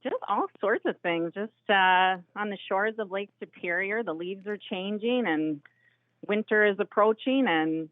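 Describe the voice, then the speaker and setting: A woman's voice: mid-range voice, measured pace, no echo. A woman caller from Minnesota with an Upper Midwest American accent, chatting in a friendly way on a call-in radio show. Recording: tinny phone line.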